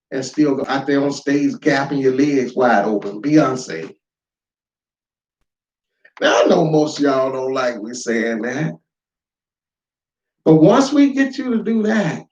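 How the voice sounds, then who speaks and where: A man giving an informal spoken lesson, emphatic and full of rhetorical questions, swinging between loud and quiet. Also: mid-range voice, distant mic. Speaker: lecturer. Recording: echoey room, dull lo-fi sound.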